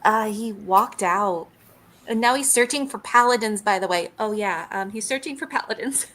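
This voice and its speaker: A woman playing in a tabletop game, speaking hesitantly with many fillers as she excitedly retells events. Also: medium pitch, moderate pace. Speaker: player. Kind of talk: casual role-play chat.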